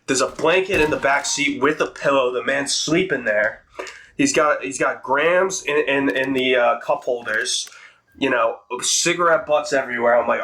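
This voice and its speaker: A young man casually telling a true story about a bad first day at work, animated, swearing and slangy. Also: medium pitch, a little hiss or hum.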